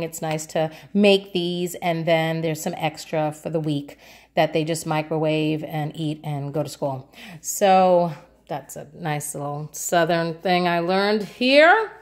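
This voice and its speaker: A woman's voice: low voice, darkish tone. A woman from New York City, a vlogger chatting casually through a grocery haul, rambling along with lots of ums and uhs.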